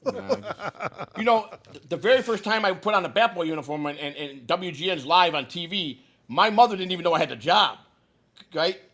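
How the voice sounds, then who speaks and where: A man's voice: high-pitched, brisk. A man in his sixties from Chicago, telling a long story in a casual, profane way and acting out the lines of the people in it. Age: 60s. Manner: profane, animated storyteller who acts out quotes.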